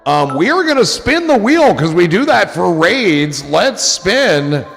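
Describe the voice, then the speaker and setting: A gravelly man chatting loosely on his live stream, swearing freely and spinning rambling stories. His voice rings with a long reverb, and music plays softly behind him. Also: sits high, measured pace. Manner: profane, rambling storyteller, gets excited. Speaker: streamer host. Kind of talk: casual live-stream chat.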